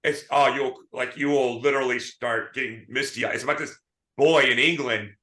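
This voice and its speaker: A man's voice: mid-range voice, normal speed, reverberant. A man co-hosting a casual movie chat, telling stories animatedly and acting out quotes. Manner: animated storytelling, acts out quotes. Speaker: podcast co-host.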